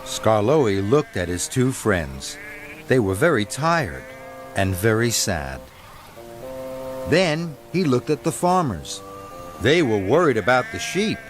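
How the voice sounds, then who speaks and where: A man reads a children's storybook aloud, his voice mid-pitched for a man. His intonation is animated and sing-song, and music plays under the narration. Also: takes it slowly. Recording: narration over background music.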